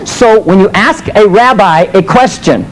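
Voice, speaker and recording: A man's high voice, at a measured pace, delivers a sermon against a noisy background. He's an American teacher and minister who preaches and teaches through animated storytelling and rhetorical questions.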